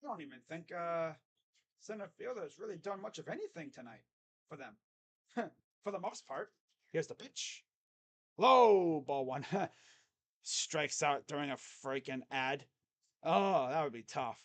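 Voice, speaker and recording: A young man doing live fan play-by-play, chatty and rambling, jumping to excited calls on each pitch. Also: measured pace, pauses often.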